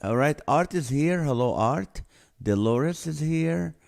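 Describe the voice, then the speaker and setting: A man's voice: on the high side, expressive, takes it slowly, vocal fry, a little mellow. A middle-aged man hosting a live show, greeting viewers by name and telling a funny story in a chatty way. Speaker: host. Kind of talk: casual live-stream chat.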